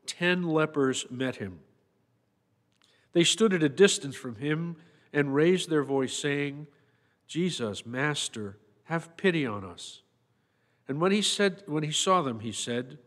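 A man, a priest, reciting the Mass readings and psalm in a measured, formal way in a church. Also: medium pitch, a bit bright. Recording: long church reverb.

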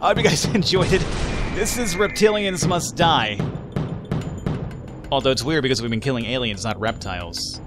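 A man giving casual, excitable gameplay commentary, swearing often and sounding bemused by what he sees. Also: medium pitch, moderate pace, pauses often. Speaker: let's play gamer. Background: game music.

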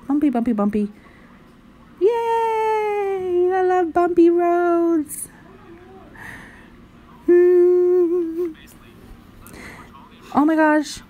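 A woman's voice: very high-pitched, warm tone. A woman vlogger giving goofy, sing-song commentary while playing a driving game. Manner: silly, giggly, sing-song rambling.

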